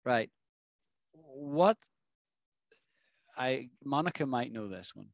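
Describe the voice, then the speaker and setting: A man's voice: mid-range voice, animated, takes it slowly, creaky, no echo, dull audio. A man teaching English phrases to a small online class, explaining and asking the class questions. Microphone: video call.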